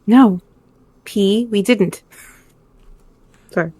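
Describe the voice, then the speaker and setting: A woman's voice: medium pitch, very slow, darkish tone, slightly rough. A woman player in a tabletop game, talking casually and in a friendly way for her character. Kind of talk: tabletop role-play.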